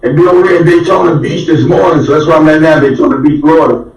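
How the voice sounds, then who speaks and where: A man's voice: on the high side, steady tone, fast talker, creaky. A man calling in to a talk show, talking loosely and casually. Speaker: guest caller. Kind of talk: casual chat. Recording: echoey, distant.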